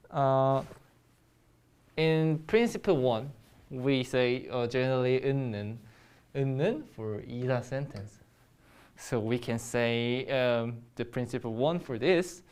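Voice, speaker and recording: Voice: mid-range voice, darkish tone, clear, resonant tone. Young teacher, quizzing viewers. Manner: hesitant, many pauses, quizzing the viewer. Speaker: Korean language teacher. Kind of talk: recorded online grammar lesson.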